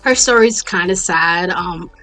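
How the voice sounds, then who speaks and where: A woman's voice: on the low side, unhurried, bright, forceful tone, faint music behind. Blunt, chatty American woman vlogging. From Jamaican family, raised in the US. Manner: chatty and blunt, swears casually, drifts into tangents. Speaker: YouTuber reviewing a TV series. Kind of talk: casual commentary vlog.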